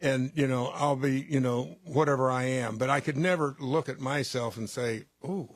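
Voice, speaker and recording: A mid-pitched male voice, recorded dry in a radio studio. He speaks calmly and reflectively. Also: moderate pace, no room sound. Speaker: guest, former football player. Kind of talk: reflective talk.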